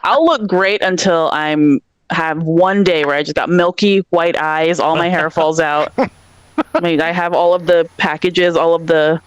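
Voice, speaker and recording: A woman's voice: on the low side, steady tone, a little slow, clear, resonant tone, dry recording. A woman co-hosting a casual comedy chat, teasing her partner playfully and laughing often. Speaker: co-host.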